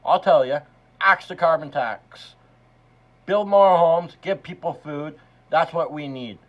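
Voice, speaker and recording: A man's voice: a little high, slow pace, fairly bright tone. A man from Canada heckling at a press conference, profane and confrontational. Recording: muffled lo-fi sound.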